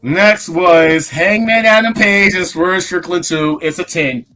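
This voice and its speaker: A man hosting a casual podcast chat, animated, playful and swearing freely. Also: sits high, unhurried, soft background music. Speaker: host.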